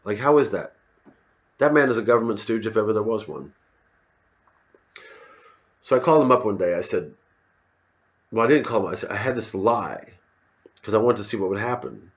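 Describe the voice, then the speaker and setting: A man with a fairly low voice rambles through a stand-up monologue, cutting himself off mid-thought and swearing freely. The recording is dull and lo-fi. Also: moderate pace, pauses often. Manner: digressive, self-interrupting, profane. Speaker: comedian.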